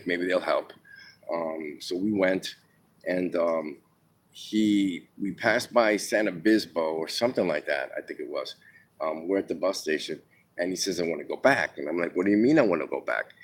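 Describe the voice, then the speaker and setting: A man's voice: deep voice, normal speed, a little hiss or hum. A man from New York telling his own life story in a loose, rambling way, full of fillers and casual swearing. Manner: rambling, many ums and restarts, swears freely. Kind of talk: casual spoken memoir.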